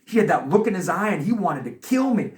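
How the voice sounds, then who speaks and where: A man in his thirties, a boxing coach guesting on a podcast, telling stories in a lively, chatty way full of fillers. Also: high voice, a little fast, far from the mic. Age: 30s. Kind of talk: casual podcast conversation. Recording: echoey room, voice off-mic.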